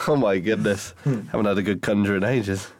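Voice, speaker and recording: A man co-hosting a casual comedy podcast, playful with quick interjections. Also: on the low side, a crowd in the background. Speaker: podcast co-host.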